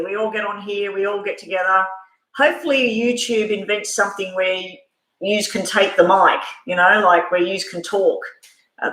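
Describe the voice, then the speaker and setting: Woman tarot reader, rambling and chatty, bright voice, echoey room. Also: mid-range voice. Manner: chatty, rambling, lots of fillers and restarts. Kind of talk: live-stream tarot reading.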